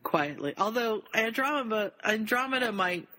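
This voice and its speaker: A woman's voice: fairly high pitch, normal speed, poor audio. Woman retelling a story on a call. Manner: retells the story in lively summaries. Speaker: podcast co-host reading and retelling a fan story. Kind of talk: casual group chat over a call.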